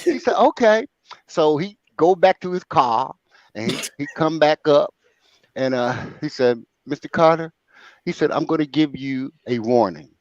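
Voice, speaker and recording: A man's voice: on the high side, measured pace, no room sound. An older man hosting a talk show, telling a funny story with lots of laughter and acted-out voices. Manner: animated, bursts into laughter, acts out voices. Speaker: show host. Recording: dry, dull lo-fi sound.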